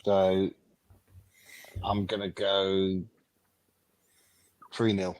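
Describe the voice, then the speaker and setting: A man on a football fan panel, speaking quietly and briefly. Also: monotone, extremely slow, low-quality recording. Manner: quiet, low-key and brief. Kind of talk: casual chat among football fans.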